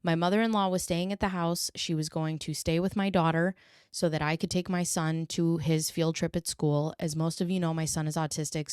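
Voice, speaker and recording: A woman's voice: low voice, clear, resonant tone, no echo, studio quality. A young woman hosting a podcast, telling a story casually with fillers and swearing, acting out quoted lines in a raised voice. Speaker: podcast host.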